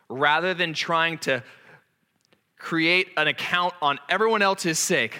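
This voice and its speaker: Candid preacher, bright voice, echoing hall. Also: male voice, on the high side, a little slow, long pauses. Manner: candid and self-deprecating, earnest. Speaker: pastor. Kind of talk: sermon. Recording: long echoing reverb of a large hall.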